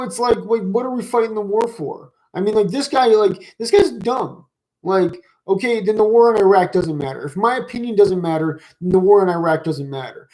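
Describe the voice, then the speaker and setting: A man's voice: sits high, darkish tone, rough recording. A man delivering a profane, rambling rant in reaction to comments, heated and mocking, with constant fillers and restarts. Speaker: commentary vlogger.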